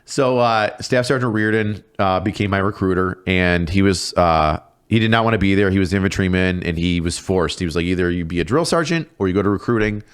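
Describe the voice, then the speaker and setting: Podcast guest, male, 30s, lower voice, swearing storyteller who acts out the people in his stories. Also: fairly quick, hardly any pauses, smooth. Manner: profane, laughing storyteller, acts out quoted voices. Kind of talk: casual storytelling chat.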